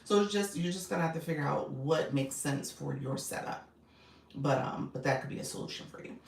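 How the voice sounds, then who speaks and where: A woman with a Chicago accent coaches viewers on a casual livestream, chatty and quick to laugh. Her voice sits low and carries some gravel. The sound is roomy and a bit distant from the mic. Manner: chatty, greets viewers by name, laughs often. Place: home setup with phone on a stand. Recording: echoey room, mic at a distance, faint noise.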